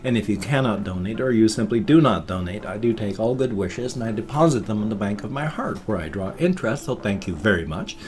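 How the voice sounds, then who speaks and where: A man in his fifties chatting casually to camera as a vlogger, with a playful habit of odd emphasis and drawn-out words. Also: on the low side, expressive. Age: 50s.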